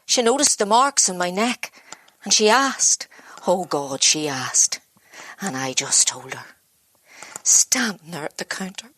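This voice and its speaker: A woman's voice: medium pitch, expressive, fairly bright tone. A worn-down, self-blaming mother. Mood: distraught. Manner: halting, broken, inward monologue. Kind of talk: dramatic monologue.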